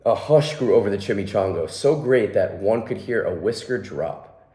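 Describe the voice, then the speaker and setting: A man's voice: fairly low pitch, lively intonation, normal speed, mellow. A young man volunteering at a children's hospital, reading a picture book aloud and adding friendly asides about the pictures. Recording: echoey room.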